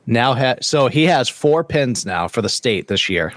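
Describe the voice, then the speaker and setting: A man co-hosting a podcast, telling stories in a loose, profane, animated way. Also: medium pitch, measured pace, dry recording. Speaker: podcast co-host. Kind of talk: casual chat.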